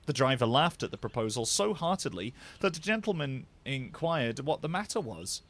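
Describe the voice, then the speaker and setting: Expressive male bedtime-story narrator. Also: medium pitch, moderate pace. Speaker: voice actor, narrator.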